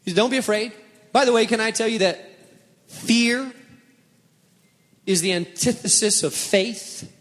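A man's voice: high voice, unhurried, long pauses, a bit bright, in a large hall. A man preaching a sermon as a pastor, telling Bible stories dramatically and asking his listeners direct questions. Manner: dramatic storytelling, acting out panicked voices; asks the congregation direct questions.

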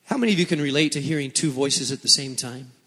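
A man's voice: mid-range voice, animated, fast, bright, forceful tone. A male pastor preaching a sermon to a congregation, dramatic and repeating phrases for emphasis. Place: church hall before a congregation. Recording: long hall reverb.

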